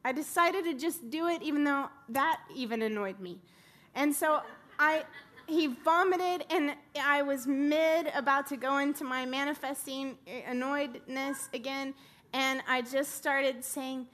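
A woman's voice: sits high, measured pace, a bit bright. A woman in her thirties preaching a sermon, telling a personal story and rising to fervent exclamations.

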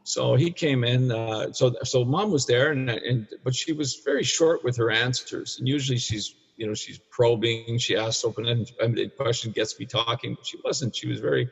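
This Canadian man in his sixties, an addiction counselor for men, has a mid-range, gravelly, husky voice at normal speed with few pauses. Appearing as a guest, he shares a difficult personal story in conversation, rambling and restarting, bluntly and at times profanely. The room recording sounds dull and echoey.

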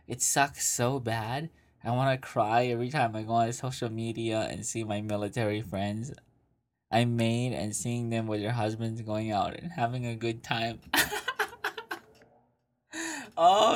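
A man hosting an advice show, reading listener questions aloud and answering with crude, mocking commentary while laughing. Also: mid-range voice. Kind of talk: casual profane advice commentary.

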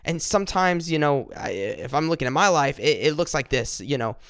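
A man shares an informal devotional message in an earnest way, often repeating words and slowing down over scripture lines. His voice sits a bit high and sounds smooth and clear. The recording is dry and close. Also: expressive, fairly bright tone, dry recording. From upstate South Carolina, US. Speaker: devotional speaker.

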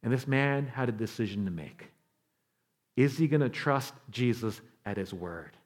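A man preaching a sermon as pastor, telling stories with animation, acting out quoted voices and dropping to a quiet, slow delivery for emphasis. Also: mid-range voice, animated.

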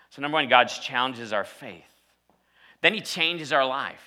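Male pastor, very bright voice, sermon storytelling with loud emphatic peaks. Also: mid-range voice, animated, unhurried.

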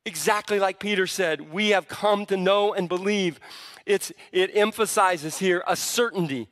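A male pastor with a bright, forceful, fairly high voice delivers a sermon. He teaches conversationally and then presses his points with fervent emphasis. The sound rings with the long reverb of a big church sanctuary. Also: normal speed. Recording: long reverb of a large hall.

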